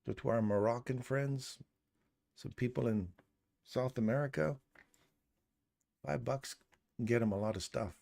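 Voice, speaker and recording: A man's voice: medium pitch, a little slow, gravelly, long pauses, a little mellow. A man hosting a live trading stream, chatting casually and joking while talking himself through his audio settings. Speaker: trading livestream host. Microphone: studio condenser mic.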